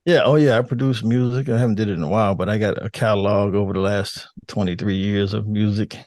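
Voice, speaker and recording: An older man with a deep, calm radio voice, chatting casually as a podcast guest, relaxed and laughing, with halting restarts. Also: no room sound, clean studio sound. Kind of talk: casual interview chat.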